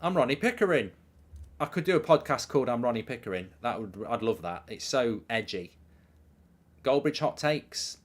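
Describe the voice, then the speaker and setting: A man hosting a live football watchalong stream in a loose, rambling way. He mocks himself, riffs on ideas and reads out messages from viewers. His voice sits at a middle pitch and often sinks to a quiet mumble. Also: lively intonation, moderate pace. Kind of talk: casual live commentary and chat reading.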